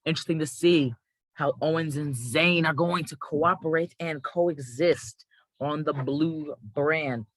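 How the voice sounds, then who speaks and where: A man's voice: a little high, measured pace, a bit bright, dry recording, rough recording. Hyped man announcing a mock draft. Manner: hyped announcer delivery with self-corrections. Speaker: gaming channel host.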